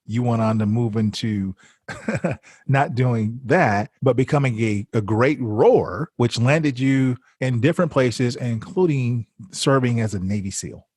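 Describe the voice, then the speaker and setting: A man hosting a podcast who asks measured questions and sums up his guest's points. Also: medium pitch, darkish tone, husky, dry recording, studio quality. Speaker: podcast host. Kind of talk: interviewing.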